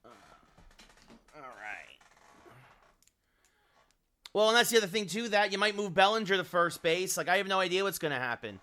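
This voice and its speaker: Man thinking aloud on a bright, sharp stream. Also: high-pitched, very animated, normal speed, long pauses, slight background noise. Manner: rambling, thinks aloud while scrolling, chats to viewers. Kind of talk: live game-stream commentary.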